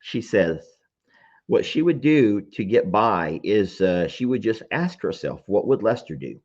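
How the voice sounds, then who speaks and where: A man's voice: fairly low pitch, big pitch swings, measured pace, darkish tone, highs cut off. A man telling a story to his audience in casual chat, emotional and self-deprecating.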